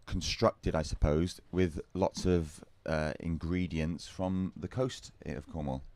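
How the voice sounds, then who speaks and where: A man doing live surf contest commentary in a measured way, reading out scores, standings and results. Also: low voice, fairly even intonation, a little mellow.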